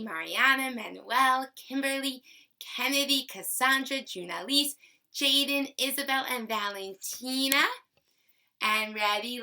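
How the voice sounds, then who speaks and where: A woman teaching young children in a remote class, speaking in a slow, sing-song, encouraging way and stretching out sounds. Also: on the high side, sharp tone. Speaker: kindergarten teacher.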